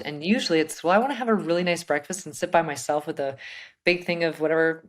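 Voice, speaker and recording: Woman co-host, low voice, confident coaching delivery, lots of rhetorical questions. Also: fast. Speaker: podcast co-host. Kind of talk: casual podcast conversation.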